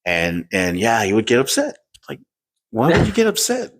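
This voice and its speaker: A man's voice: mid-range voice, moderate pace, vocal fry. Guy on a podcast telling stories, swears a lot, voice jumps all over. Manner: animated storyteller, swears freely. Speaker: podcast co-host. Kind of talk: casual chat.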